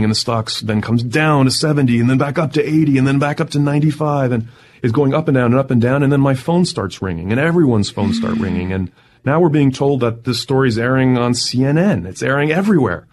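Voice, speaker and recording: A man, a tech entrepreneur, telling his story in an interview with excited energy and frequent laughter. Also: mid-range voice, a little fast.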